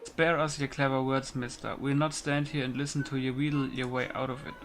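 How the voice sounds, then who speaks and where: Gruff menacing pirate boss as a guy reads along, rough put-on accent, game music under it. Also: medium pitch, level tone, brisk, fairly bright tone, natural voice. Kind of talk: reading game dialogue aloud.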